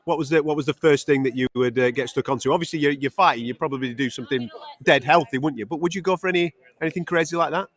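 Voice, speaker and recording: Rapid-fire cheeky northern English man. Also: a little high. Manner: cheeky, chatty, quick laughs. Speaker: co-host. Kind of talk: casual sports show banter. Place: fight venue backstage. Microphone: video call.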